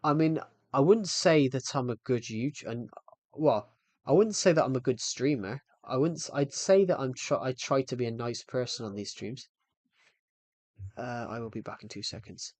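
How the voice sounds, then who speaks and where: A man's voice: medium pitch, animated, normal speed, darkish tone, no room sound. Breathless young man streaming a game. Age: 20s. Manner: rambling, restarts sentences, thanks viewers. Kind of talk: casual live-stream chat.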